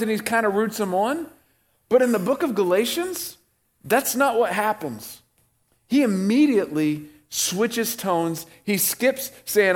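A middle-aged man preaching a sermon in a conversational tone, slowing and dropping his voice low when he reads scripture. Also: expressive. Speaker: pastor.

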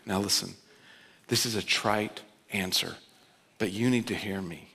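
A man preaching a sermon as pastor, swinging between loud urgent pleading and low, quiet emphasis. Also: steady tone, fairly quick, vocal fry. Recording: long reverb of a large hall.

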